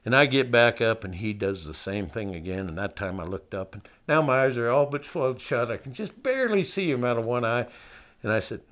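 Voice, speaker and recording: A man's voice: medium pitch, lively intonation, brisk, a bit bright. An older man from Montana telling a personal story in a folksy, wry way, laughing at himself.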